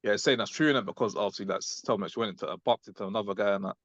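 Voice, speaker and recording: Young guy, low and fast, rambling, "innit"-heavy, dry lo-fi call audio. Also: fairly bright tone, no room sound. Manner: rambling, filler-heavy, ends lines with "innit". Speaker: class member recounting an encounter. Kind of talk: casual call chat. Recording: dull lo-fi audio.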